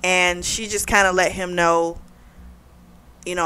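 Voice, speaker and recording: A woman's voice: fairly low pitch, level tone, measured pace, pauses often, bright, forceful tone, clean tone. A woman hosting a casual book review, retelling the plot in a chatty way with lots of "like" and "you know.".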